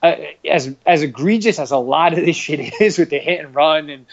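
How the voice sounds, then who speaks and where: Man, casual podcast chat, halting, repeats words, dull lo-fi recording. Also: a little high.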